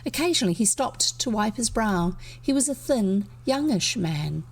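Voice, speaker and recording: A woman's voice: mid-range voice, normal speed, husky. A woman with a New Zealand accent reading a children's book aloud, with casual asides to listeners. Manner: steady storybook narration with asides. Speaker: reader.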